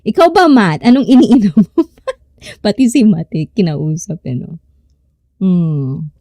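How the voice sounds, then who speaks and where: A woman's voice: mid-range voice, animated, measured pace, dark tone, dry recording, studio quality. A woman in her thirties with a Filipino accent, hosting a casual live stream, giggling often and mixing Tagalog with English as she reads the chat. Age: 30s.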